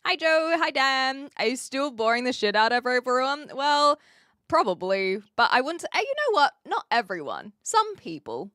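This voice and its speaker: A woman's voice: medium pitch, fairly bright tone, dry recording, studio quality. A woman with a New Zealand accent chatting casually with her live audience as a streamer, reading out and answering their messages. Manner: chatty, reads viewers' messages aloud and answers them.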